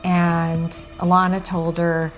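A woman's voice: fairly low pitch, monotone, slow, faint music behind. A woman in an interview recalling a happy moment.

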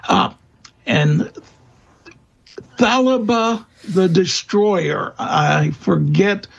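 A man speaking as a guest expert in an interview, answering in a halting way with many fillers and restarts. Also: high-pitched, lively intonation, gravelly, slightly rough, muffled recording. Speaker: guest expert on vampire lore.

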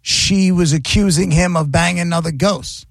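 A man's voice: high-pitched, normal speed, gravelly, no echo, clean studio sound. A man hosting a radio show, chatting casually and jokily, rambling with frequent restarts. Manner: rambling, jokey, restarts often. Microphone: studio microphone.

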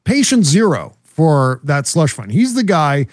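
Lively-pitched man, emphatic commentary. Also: a little slow, dry recording, clean studio sound. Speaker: podcast co-host. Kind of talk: casual political chat.

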